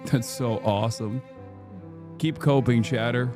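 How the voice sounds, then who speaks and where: A man streaming live, reacting to video clips with sarcastic, crude and rapid asides. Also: mid-range voice, steady tone, over music. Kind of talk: casual live-stream commentary.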